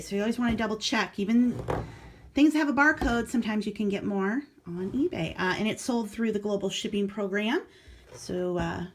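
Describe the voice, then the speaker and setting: A middle-aged woman from Iowa at home chats through her online sales in a casual vlog. Her voice sits at an ordinary middle pitch. She talks frankly and plainly about what she paid and what things sold for. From Iowa, USA. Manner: chatty, frank, matter-of-fact about prices. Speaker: online reseller vlogger.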